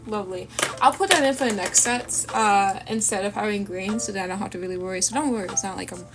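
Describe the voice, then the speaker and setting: A woman's voice: mid-range voice, fast, noisy background. A woman chatting casually and rambling to viewers while she draws, sniffly from a runny nose. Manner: chatty, rambling, self-deprecating asides. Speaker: art streamer. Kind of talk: casual chat while drawing. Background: lofi music.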